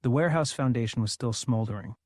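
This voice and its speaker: A man narrating an audiobook in the third person with a calm, even reading. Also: mid-range voice, fast, no room sound, studio quality.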